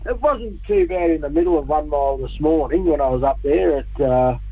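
A man's voice: a little high, fairly quick, slightly rough, no room sound, phone-quality sound. Laughing Australian man on radio. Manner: laughs often, easygoing banter. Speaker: surf report presenter. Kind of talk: casual radio chat.

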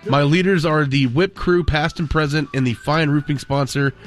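A man's voice: on the high side, moderate pace, soft background music. A man hosting a sports radio show, reading listener messages and birthdays with jokes. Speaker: radio host.

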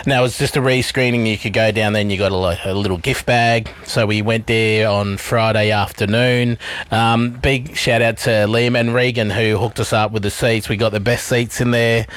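A man's voice: lowish voice, level tone, normal speed, a bit bright, no echo. A middle-aged man co-hosting a radio show, telling a story in a chatty way and acting out what people said. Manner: chatty anecdote-teller, plays out quotes. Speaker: radio co-host. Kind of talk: casual radio chat, storytelling.

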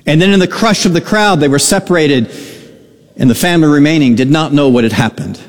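A pastor preaching a sermon, telling a story slowly and earnestly, with dramatic pauses. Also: male voice, a little high, long reverb tail.

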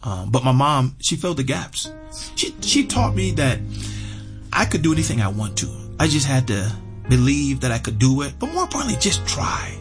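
A man's voice: mid-range voice, very animated, fairly quick, over music. Earnest man telling a family story. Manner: earnest, heartfelt, with many fillers and repeats. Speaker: interview guest. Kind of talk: personal storytelling.

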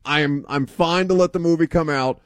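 A grumpy man in his thirties cohosting sports radio, brushing off ideas in a mid-pitched voice. His delivery is dry and close to the mic, with no room sound. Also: fairly quick, no room sound. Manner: grumpy, dismissive. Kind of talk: casual radio banter. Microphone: studio mic.

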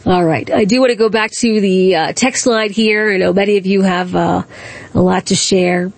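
A woman's voice: medium pitch, steady tone, normal speed, creaky, no echo. A woman hosting talk radio, speaking in a combative, indignant way with repeated rhetorical questions.

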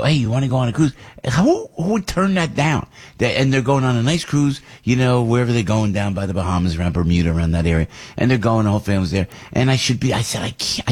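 A man hosting a morning radio show, chatting in a rambling, animated way and jumping into high voices when he quotes people, from a studio microphone. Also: slightly rough. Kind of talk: casual morning radio chat.

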